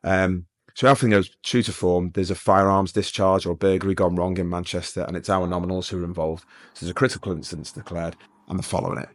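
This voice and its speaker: Middle-aged man, ex-police sergeant guest, rapid low-voiced storyteller. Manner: lively anecdotal, acts out dialogue. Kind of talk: casual storytelling interview.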